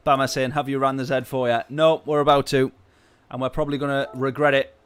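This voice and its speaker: A man streaming a racing game, telling a story in a ranting, exasperated way with sudden loud outbursts. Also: mid-range voice, little pitch movement, a little fast, smooth. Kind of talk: casual live-stream chat.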